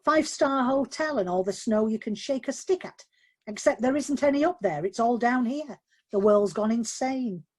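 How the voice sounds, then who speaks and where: A woman's voice: on the high side, animated, moderate pace, a little mellow, voice pushed up. A woman voicing a flamboyant older man who loves brandy, in a jokey theatrical manner. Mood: wry.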